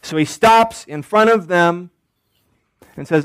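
A man preaching a sermon as pastor, deliberate, repeating key phrases and asking the congregation rhetorical questions. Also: high voice, fairly bright tone, clean tone, no room sound.

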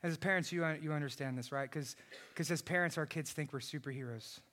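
Male pastor in his thirties, high bright voice, preaching with fervor and dropping to near-hushed tones. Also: a little fast. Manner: impassioned preaching, shouting at peaks then dropping soft. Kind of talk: sermon.

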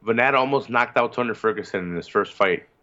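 A man co-hosting a casual fight-sports podcast, talking excitedly and swearing casually. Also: medium pitch, fast, slight background noise. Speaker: podcast co-host. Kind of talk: casual chat. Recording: slightly dull lo-fi sound.

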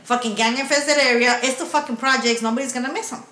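A woman's voice: high voice, steady tone, fast, sharp tone. A woman casually telling a story in a profane, laughing way, slipping in Spanish phrases. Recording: roomy echo.

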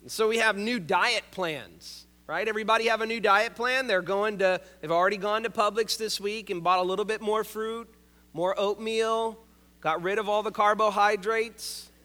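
High, bright-voiced pastor in an echoing hall. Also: male voice, steady tone, normal speed. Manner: conversational and joking, with emphatic repeated phrases. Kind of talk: sermon. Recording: long reverb of a large hall.

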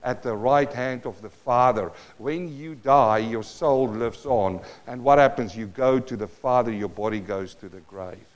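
A man with a South African accent preaching a sermon to his congregation, dropping to a hush and then rising loud. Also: mid-range voice, unhurried, few pauses. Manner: dynamic preaching, swinging between hushed and loud. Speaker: pastor.

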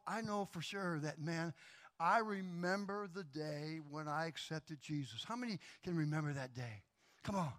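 A middle-aged pastor, his voice high for a man, preaches a sermon built around a personal story. He tells it with animation, laughing and acting out the other characters' voices.

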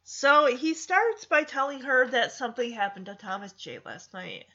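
A woman casually retelling a movie's plot, animated and acting out the characters' lines. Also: high-pitched, moderate pace, lo-fi sound, soft background music. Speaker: film recap host.

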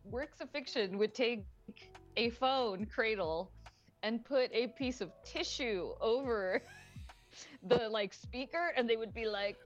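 A woman's voice: a little high, animated, slow pace, highs cut off, soft background music. A woman co-hosting a podcast in casual chat. She rambles, uses lots of fillers and swears freely. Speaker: podcast co-host.

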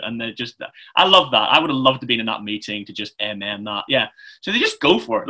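A man's voice: mid-range voice, very animated, fast, pushed and bright, husky. A man giving a chatty, informal sermon, often restarting his phrases. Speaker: preacher.

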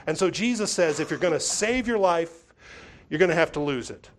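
A man with a notably high voice preaching a sermon. He drives points home with repeated phrases and often restarts a sentence mid-thought. He briefly acts out other people's voices when telling a story. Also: animated, a little fast. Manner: emphatic, repetitive preaching with frequent restarts. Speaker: pastor.

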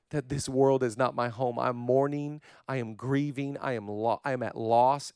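A man preaching a sermon as pastor, swinging from loud fervent repetition down to soft, low, hushed passages and speaking straight to viewers online. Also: clear, resonant tone, dry recording, studio quality. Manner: addresses online viewers directly.

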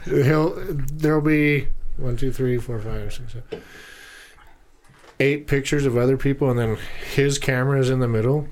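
A man's voice: medium pitch, fairly even intonation, normal speed, darkish tone. A man co-hosting a podcast in casual chat, laid-back and joking, with some swearing. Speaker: podcast co-host.

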